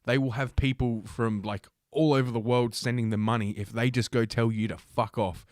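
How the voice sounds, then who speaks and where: A man's voice: medium pitch, steady tone, moderate pace, darkish tone, dry recording, clean studio sound. A young man hosting a livestream, reading news aloud and ranting about it in a sarcastic, profane, combative way. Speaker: livestream host.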